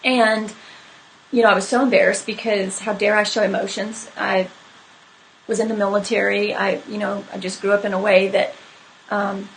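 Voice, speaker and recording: A woman's voice: medium pitch, vocal fry, a little hiss or hum, poor audio. A woman telling a personal story to live viewers in a candid, conversational way, with many fillers. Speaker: horse trainer hosting a live stream.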